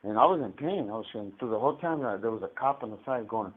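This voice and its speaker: A man's voice: fairly low pitch, animated, fast talker, few pauses. Profane man on a tinny phone line. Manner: profane, rambling, stammers and repeats words. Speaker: inmate on a collect call. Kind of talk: casual storytelling.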